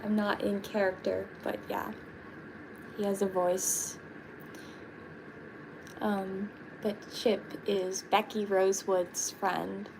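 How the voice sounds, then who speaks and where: A woman's voice: mid-range voice, level tone, takes it slowly, creaky, long pauses, noisy background. A woman chatting casually on a live stream while painting her nails, giggly and full of fillers. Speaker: livestreaming vlogger.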